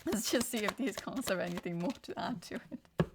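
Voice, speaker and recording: A woman's voice: mid-range voice, normal speed, background noise. A young woman giving a casual tarot reading, rambling and interrupting herself with bursts of frustration. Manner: rambling, self-interrupting, animated. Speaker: tarot reader.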